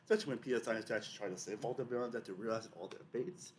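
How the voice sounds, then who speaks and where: A man's voice: mid-range voice, racing, darkish tone, slight background noise. A young man hosting a casual video essay, rambling with many fillers and restarts.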